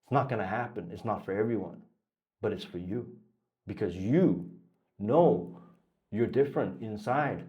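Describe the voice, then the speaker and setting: A man's voice: lowish voice, moderate pace, long pauses, dull audio. A man coaching traders in a blunt motivational talk. He swears freely and keeps pushing the listener with repeated questions. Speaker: trading coach.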